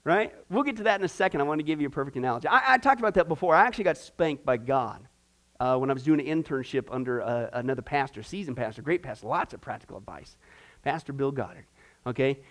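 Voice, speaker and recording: A man's voice: mid-range voice, quick pace. A middle-aged man, a pastor teaching a discipleship class, talking informally and throwing questions out to the room. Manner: animated, asks the class many questions.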